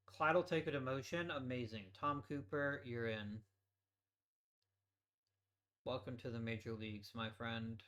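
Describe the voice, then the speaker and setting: A man's voice: mid-range voice, fairly even intonation, measured pace, long pauses, a bit bright. A man hosting a let's play, giving casual gameplay commentary as he thinks aloud and swears offhandedly.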